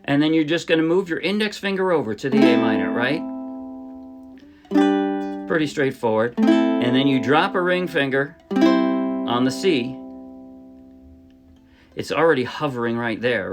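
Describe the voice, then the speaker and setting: A man at a middle pitch talks through a ukulele lesson in a relaxed, chatty way, restarting phrases as he explains. His own ukulele strumming rings loudly behind his voice. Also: unhurried, pauses often, over loud music. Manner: chatty, friendly explaining with small self-corrections. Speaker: ukulele teacher. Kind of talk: casual music tutorial. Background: his own ukulele playing.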